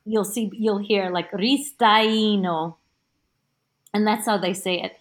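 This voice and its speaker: Woman, podcast guest, mid pitch, chatty, halting explanations, on a remote call. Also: steady tone. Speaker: guest, teacher of Italian studies. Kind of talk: casual podcast chat.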